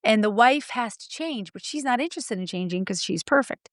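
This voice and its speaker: A middle-aged woman coach telling stories in an interview, blunt and lively, acting out her clients' lines. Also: a little high, a little fast, no echo, studio quality. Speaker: guest, marriage coach. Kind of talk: animated storytelling interview.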